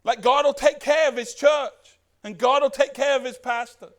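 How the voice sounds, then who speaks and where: A man preaching a sermon as pastor, animated and putting questions to the congregation. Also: extremely high pitch, normal speed.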